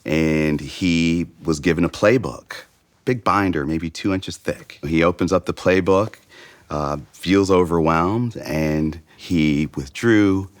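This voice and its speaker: A father telling about his son in a halting way, with many pauses and fillers. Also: deep voice, dry recording. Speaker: parent. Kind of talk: personal account in an interview.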